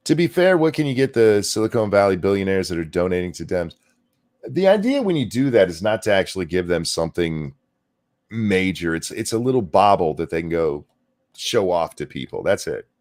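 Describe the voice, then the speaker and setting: A man's voice: sits low, sing-song, a little fast, a little mellow. A man co-hosting a casual political talk stream, reading out news items with sarcasm.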